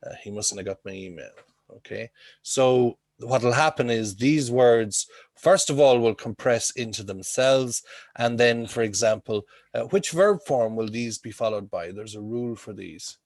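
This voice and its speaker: Male teacher, mid-pitched voice, dry sound on a video call; explains patiently, checks in often. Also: measured pace, darkish tone, no room sound. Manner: explains with homely comparisons, checks in with frequent "okay?". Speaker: English teacher. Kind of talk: online class teaching.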